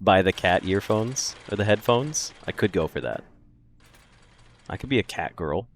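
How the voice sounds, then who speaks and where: Low-voiced joking gaming streamer man. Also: lively intonation, moderate pace, slight background noise. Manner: joking, laughs often, reacts to chat. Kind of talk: casual let's-play commentary.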